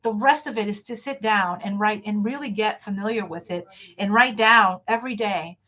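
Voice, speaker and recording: A woman's voice: mid-range voice, moderate pace, pushed and bright. A woman hosting a motivational talk over a video call, speaking frankly and emphatically with self-assurance. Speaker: host.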